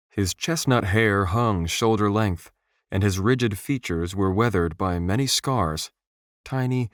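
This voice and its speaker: Low-voiced man narrating an audiobook. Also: dry recording. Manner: steady, measured reading. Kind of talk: scripted narration. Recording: dry, close studio voice.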